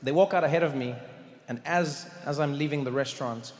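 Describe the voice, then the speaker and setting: A male stand-up comedian tells a story in a fairly high voice, animated and slipping into characters. He performs in a large live venue with a long, ringing hall reverb and clear audience noise. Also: fairly quick. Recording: echoey hall with crowd noise. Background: audience laughter.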